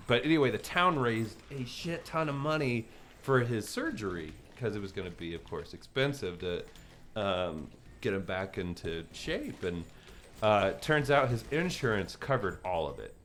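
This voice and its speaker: A man co-hosting, telling a rambling, profane story in casual chat over gameplay, full of "like" and loud acted-out quotes. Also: on the low side, animated, normal speed, slight background noise. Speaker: co-host.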